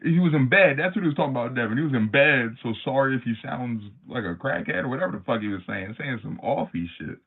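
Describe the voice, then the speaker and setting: A man hosting a livestream, telling a story in an animated, slangy, casual way. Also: medium pitch, fast talker, hardly any pauses, slightly rough. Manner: animated, slangy, many fillers. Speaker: livestream host. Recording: tinny phone-like sound.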